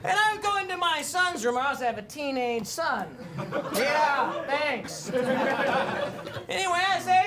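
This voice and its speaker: A man doing a rambling stand-up bit with a drawn-out delivery. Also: very high voice, big pitch swings. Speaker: comedian. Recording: loud crowd and noise of a live show.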